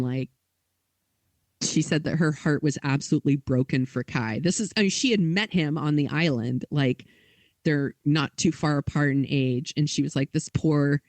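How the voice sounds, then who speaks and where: A woman's voice: deep voice, a little mellow, no echo. A woman co-hosting a podcast, telling a story in casual chat with lots of "like" and quoted dialogue. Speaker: podcast co-host.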